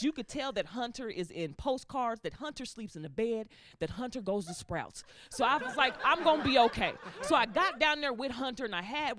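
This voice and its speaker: A woman performing a stand-up comedy set, telling stories and acting out the people in them. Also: a little high. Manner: animated storytelling, acting out characters. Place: comedy club stage with laughing audience. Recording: live stage mic with audience laughter.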